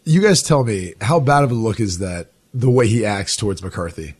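A man with a lowish voice co-hosting sports radio, throwing questions to the others with a few stumbling starts. His intonation moves around a lot. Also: lively intonation, normal speed, a little mellow, husky. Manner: asking questions, stammering starts. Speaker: radio show co-host. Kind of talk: casual sports radio chat.

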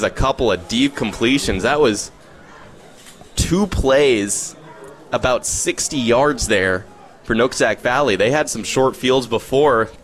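Man calling high school football. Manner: rises to excited calls on big plays. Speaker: play-by-play announcer. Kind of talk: radio sports commentary. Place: outdoors at a football field.

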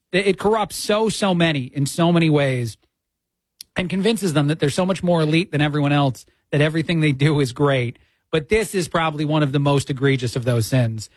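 A man's voice: a little high, no echo. A man filling in as a radio host, giving opinionated commentary with frequent "uh" fillers into a studio mic.

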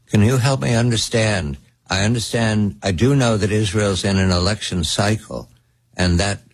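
A man hosting an interview, asking deliberate, probing questions. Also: low voice, slightly rough. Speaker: interview host.

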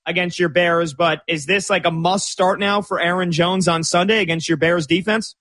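Man, sports radio host, high voice, bright tone, playful. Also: fairly even intonation, moderate pace, dry recording. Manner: playful, jokey tongue-twisting.

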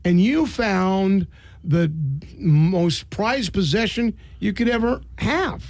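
A man hosting a radio interview in a studio, talking quickly and teasing his guests in a joking way. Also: high-pitched, expressive, a little mellow, dry recording. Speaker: radio host.

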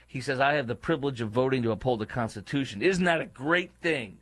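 A man hosting a political commentary show, delivering an indignant, emphatic rant that leaps up in pitch and loudness, then drops into low, muttered asides. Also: lively intonation, a little fast, few pauses. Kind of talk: opinionated monologue.

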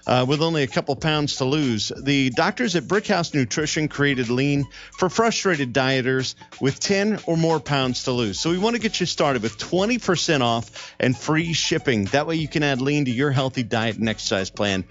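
A man's voice: lively intonation, moderate pace. A man hosting a radio show, doing an upbeat live ad read and then joking with his co-hosts. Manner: upbeat sales pitch, spells out promo code. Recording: muffled radio broadcast with faint music.

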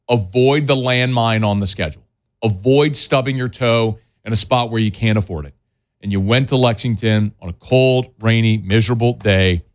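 A man hosting a sports talk show, giving blunt, scolding opinions in a plainspoken way. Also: on the low side. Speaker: sports talk radio host.

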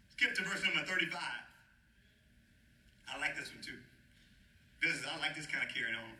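A man's voice: fairly high pitch, huge pitch swings, moderate pace, pauses often, pushed and bright. A male pastor preaching a sermon with call-and-response, urging the congregation to answer and chuckling between phrases, in a church. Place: church sanctuary. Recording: roomy, mic at a distance.

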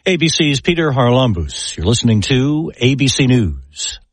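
A male newscaster reads headlines in a crisp, even broadcast manner. His voice sits at a middle pitch and the studio sound is close and dry, with no room around it. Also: moderate pace, no room sound. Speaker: network radio newscaster. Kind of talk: scripted news read.

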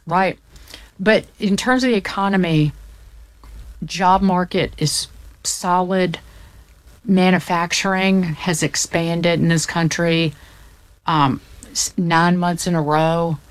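A woman's voice: lowish voice, fairly even intonation, takes it slowly, pauses often, clear, resonant tone, dry recording. A woman from the Southern United States explaining the economy in casual chat, packed with figures, often restarting mid-sentence. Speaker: economics commentator.

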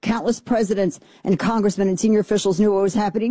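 A woman talk host with a mellow, warm voice, riffing through casual comedic commentary. She slips into sarcastic, animated mock excitement, recorded close and dry. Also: mid-range voice, quick pace, no echo.

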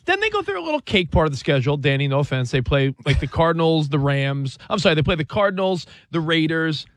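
A man co-hosting a sports talk show, talking through a team's schedule in an animated, rambling way with many restarts and self-corrections. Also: on the high side, fast, no room sound, clean studio sound. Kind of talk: casual sports debate.

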